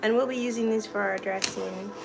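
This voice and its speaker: A young woman hosts a casual livestream from her kitchen, reading and answering viewer comments with easy, giggly laughter. Her mid-range voice is steady in tone and fairly quick. Clear music plays behind her, and the audio is poor.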